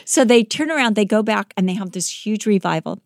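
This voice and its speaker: A woman podcast host telling a life story in a lively, dramatic way, acting out the quoted lines. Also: mid-range voice, a little fast, vocal fry, no room sound, studio quality. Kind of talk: animated storytelling.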